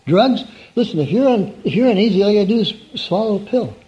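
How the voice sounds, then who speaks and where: A man's voice: high-pitched, lively intonation, quick pace, mellow. A man preaching an evening sermon in a conversational, folksy way, often putting questions to his listeners. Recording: dull lo-fi recording.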